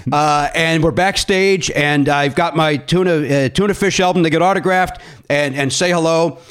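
A man hosting a comedy podcast, telling a story in an animated, laughing way in casual interview chat. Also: a little high, normal speed, smooth. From Illinois. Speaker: podcast host.

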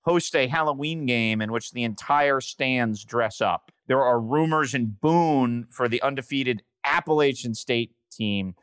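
A man's voice: mid-range voice, measured pace, few pauses, fairly bright tone, clean tone, no room sound. A man from Western Massachusetts co-hosting a podcast, chatting about college football with wry, upbeat banter. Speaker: podcast co-host. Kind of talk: casual sports chat.

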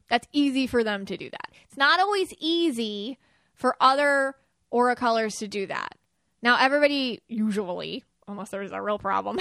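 Casting note: woman podcast host, fairly high voice, chatty and loose, dry close recording. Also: fairly bright tone, dry recording. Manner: chatty, many fillers, acts out quoted lines. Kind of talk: casual spiritual podcast talk.

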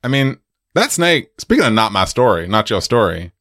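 A man's voice: lowish voice, moderate pace, no room sound, studio quality. A man co-hosting a podcast, chatting casually and jokily about a film, with frequent laughter. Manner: animated, jokey, laughs a lot. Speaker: podcast co-host.

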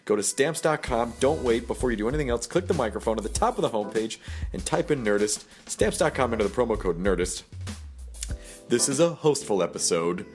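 A male podcast host reads his sponsor spots casually, wandering off into jokes and catching his own slips. His voice sits at an ordinary middle pitch. Faint music plays underneath. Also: lively intonation, fairly quick, a little mellow. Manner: rambling, jokey, self-correcting. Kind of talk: casual ad read.

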